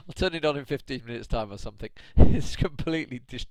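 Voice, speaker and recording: A man's voice: mid-range voice, dry recording. A man from the UK, casting a match alone on a live stream, chatty, often laughing and ranting at his chat. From United Kingdom. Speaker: esports caster. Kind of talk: solo live stream commentary.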